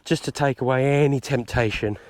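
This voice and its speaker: A man's voice: medium pitch, a little fast, darkish tone, no echo. Chatty Englishman talking outdoors. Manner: chatty and easygoing, explains as he goes. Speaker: vlogger and gundog handler. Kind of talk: casual chat to camera. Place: outdoors on a country estate.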